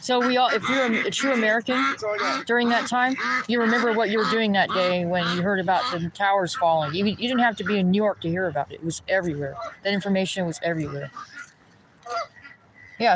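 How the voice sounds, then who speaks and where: A man's voice: high-pitched, slight background noise, poor audio. A man ranting in a rambling, indignant way while walking outdoors by a pond. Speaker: vlogger.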